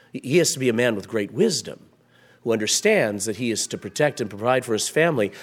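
A man preaching a sermon into a microphone, building from quiet explanation to raised, emphatic passages. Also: mid-range voice, breathy edge. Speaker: pastor. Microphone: microphone at a pulpit.

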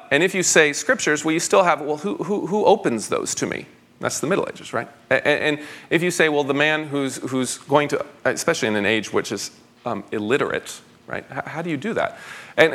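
A man's voice: medium pitch, fairly bright tone. A man, a pastor, answering audience questions at a conference in an eager, rambling way with frequent stammered restarts.

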